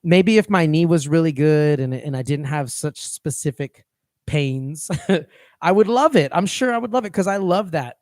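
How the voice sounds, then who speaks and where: A man's voice: on the high side, expressive, moderate pace, darkish tone, no room sound, studio quality. A man co-hosting a fitness coaching podcast, talking casually and rambling, often restarting his phrases.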